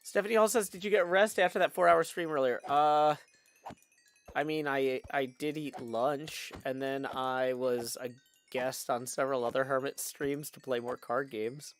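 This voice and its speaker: A man's voice: mid-range voice, fairly even intonation, moderate pace. A man hosting a live game stream, chatting casually and reading viewer messages aloud.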